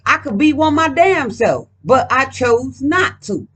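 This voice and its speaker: A woman's voice: sits high, expressive, unhurried, fairly bright tone, breathy edge. A woman doing a casual card reading at home, talking in a profane, emphatic, rambling way. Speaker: card reader.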